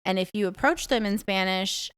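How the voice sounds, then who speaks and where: Woman in her 30s ranting on her podcast, swears a lot, smooth clear voice, dry close sound. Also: medium pitch, moderate pace, no echo. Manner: frank, blunt, swears freely. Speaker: podcast host. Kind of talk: casual monologue podcast.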